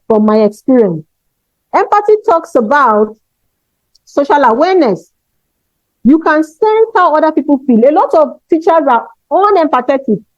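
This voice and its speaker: Speaking at a teachers' conference, a woman gives an emphatic motivational talk and checks in with her audience often. Her voice sits high but has a darkish tone, and the recording is dry, dull, and lo-fi.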